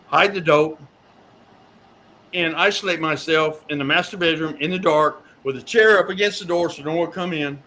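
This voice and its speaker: A man, a guest in an interview telling his story in a rambling, animated way, repeating words as he goes. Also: a little high, a little hiss or hum. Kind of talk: storytelling in a talk show interview.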